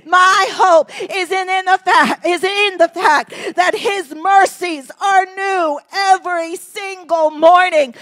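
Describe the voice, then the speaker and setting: A woman pastor preaching in a church with a very high voice. She speaks slowly and deliberately, dropping to a hush and then rising to impassioned shouts. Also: steady tone. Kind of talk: sermon. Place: church sanctuary.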